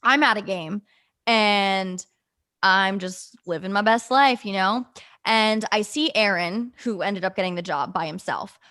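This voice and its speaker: A woman's voice: medium pitch, unhurried, sharp tone. A young woman, a guest on a podcast, telling a story casually and acting out quoted dialogue with lots of fillers. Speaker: podcast guest, former in-game host.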